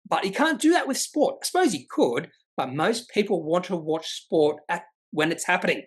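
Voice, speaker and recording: A man's voice: sits high, sing-song, moderate pace, slightly rough. A man hosting a casual daily stock market rundown, chatty and rambling with asides. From Australia. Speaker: stock market video host.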